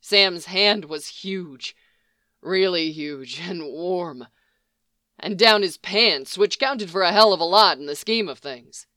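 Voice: medium pitch, slow, pushed and bright, no room sound, clean studio sound. A narrator reading a story aloud with wry, emphatic delivery. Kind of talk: audiobook reading of fan fiction.

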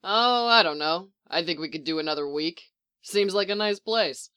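A reader voicing a calm, possessive clone commander man with a low, dry teasing way of talking. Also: moderate pace, clean tone, lightly acted.

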